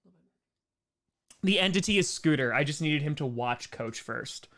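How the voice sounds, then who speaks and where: A man runs a relaxed live-stream Q&A, reading viewers' messages and tossing back jokes with a quick laugh. His voice is animated and moves widely in pitch. He keeps a loose, playful chatty manner throughout. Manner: playful, jokey, reads chat aloud and laughs often. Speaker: comedian streamer answering chat.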